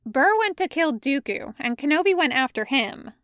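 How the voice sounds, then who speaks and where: Demanding teenage boy, read by a woman, higher voice, blunt, dry sound. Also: animated, normal speed, a bit bright, dry recording.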